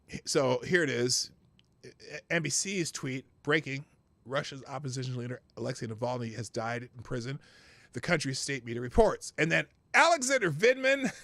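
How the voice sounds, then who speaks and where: Gravelly, bright-voiced blunt man. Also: medium pitch, no echo. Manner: blunt, profane, rambling with frequent restarts and laughs. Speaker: host. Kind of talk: political commentary livestream.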